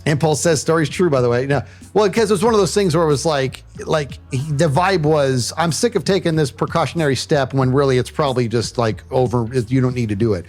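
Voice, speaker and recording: A man telling a story on a livestream in a casual, animated way, often saying "dude" and acting out what people said. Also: medium pitch, brisk, hardly any pauses, soft background music. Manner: animated, says "dude" and "bro" often, acts out quotes.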